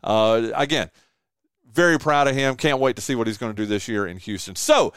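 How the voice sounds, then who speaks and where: A man's voice: medium pitch, a little fast, a bit bright, clear, resonant tone, no echo. A man hosting a radio show, chatting casually and speaking with effusive enthusiasm. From eastern North Carolina. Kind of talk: casual radio interview chat.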